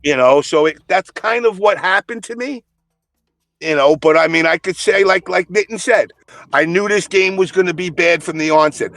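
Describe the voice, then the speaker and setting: Blunt, gravelly man with a high voice. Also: moderate pace, a bit bright, no room sound, soft background music. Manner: blunt, profane storytelling. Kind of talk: casual podcast chat.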